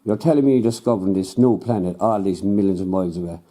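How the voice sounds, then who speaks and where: Guy doing a suspicious grumbling fisherman, husky low voice, blunt. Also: quick pace, warm tone. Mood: skeptical. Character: grumpy, skeptical male angler, blunt Irish everyman. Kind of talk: comedy sketch, improvised two-hander.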